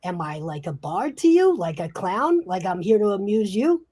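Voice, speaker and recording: A woman's voice: medium pitch, big pitch swings, moderate pace, warm tone, slightly rough, voice pushed up. A woman voicing a touchy, bullying male gangster boss who needles with menacing questions.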